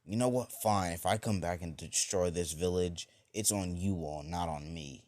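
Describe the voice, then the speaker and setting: A man voicing a bitter, banished teenage boy ninja, speaking in curt, low lines. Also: normal speed, darkish tone, lightly acted.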